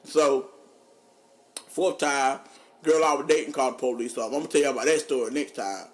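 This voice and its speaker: A man, a podcast co-host telling funny stories in casual chat, animated and laughing often. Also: brisk. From North Carolina. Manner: animated, laughing often, drops low for quoted voices. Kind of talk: casual storytelling.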